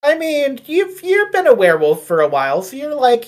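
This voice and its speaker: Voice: sits high, wildly swooping pitch, moderate pace, hardly any pauses. A game master narrating a tabletop game, rambling with joking asides.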